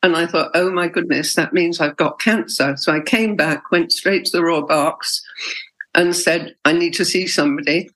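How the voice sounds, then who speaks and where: A woman's voice: lowish voice, moderate pace, fairly bright tone, low-quality recording. A middle-aged woman, telling her own story in an interview, candid and emotional, with hesitations. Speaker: interviewee, patient. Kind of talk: personal interview.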